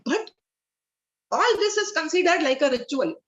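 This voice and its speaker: A woman's voice: high voice, lively intonation, normal speed, a bit bright. A woman with an Indian accent telling devotional stories in an earnest way, mixing in Hindi, speaking over a video call. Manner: earnest, mixes in Hindi, frequent fillers. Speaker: spiritual class speaker. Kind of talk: devotional storytelling talk. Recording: dull lo-fi video call audio.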